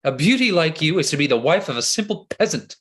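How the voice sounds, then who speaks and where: A man reading the part of a flattering, insincere noble seducer who makes flowery, ardent declarations, in a play reading over a video call. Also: on the high side, quick pace, husky, full character voice.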